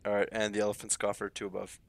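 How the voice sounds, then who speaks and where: Chatty low-voiced man streamer. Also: monotone, racing, vocal fry. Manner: chatty, laughs often. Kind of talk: casual gaming chat.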